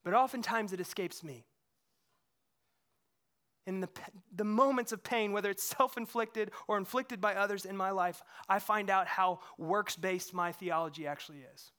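Guy preaching in church, high bright voice, gets loud then drops real quiet. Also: moderate pace, clear, resonant tone. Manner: impassioned, swings from loud to hushed. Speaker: pastor. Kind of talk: sermon. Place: church sanctuary.

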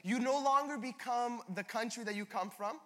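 A man's voice: very high voice, normal speed, bright, forceful tone. A young man from Canada preaching a sermon as a pastor, telling stories in a chatty, self-deprecating way. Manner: conversational storytelling with self-deprecating asides. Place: large church hall. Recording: long hall reverb.

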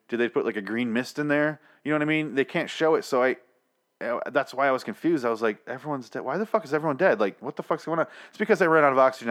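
Exasperated man rambling through a show recap. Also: mid-range voice. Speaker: TV episode reviewer. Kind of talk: casual recap and review.

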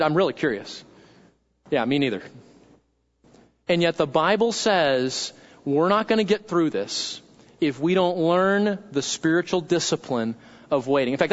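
A man with a high-pitched voice preaches a sermon in a loose, chatty way, checking in with "right?" and repeating himself as he builds a point. The recording sounds dull and lo-fi. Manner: repeats phrases and restarts mid-sentence. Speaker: pastor.

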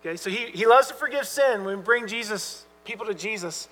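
A man preaches with an earnest, emphatic delivery, his voice high and bright. He drops to quiet, tender asides for quoted lines. The sound carries a long hall reverb over a faint mains hum. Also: a little fast. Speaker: pastor. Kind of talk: sermon.

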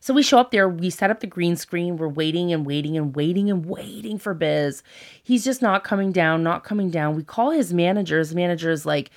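Woman in her 30s telling an old work story, kinda low voice, gets loud and laughy, does little voices for people. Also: fairly quick. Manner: animated, laughs often, acts out quotes. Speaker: guest, former TV presenter. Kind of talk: casual storytelling chat.

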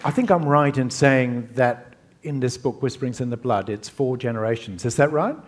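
A man hosts an evening event with an author. He reads a prepared introduction in a measured, formal way. Then he asks his guest a question, hesitating a little with "um" and "uh.". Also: medium pitch, a crowd in the background, background noise. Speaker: event host.

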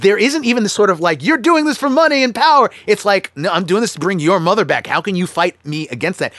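A man co-hosting a casual film-review chat, talking animatedly with quick restarts and acting out characters' lines. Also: a little high, a bit bright, no room sound. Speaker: podcast co-host.

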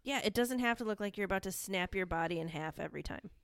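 A woman co-hosting a podcast, chatting casually about wrestling, animated and giggly, sometimes trailing off unsure. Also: medium pitch, fast, smooth, no echo, studio quality. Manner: animated, giggly, hesitant at times. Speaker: podcast co-host. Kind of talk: casual wrestling recap chat.

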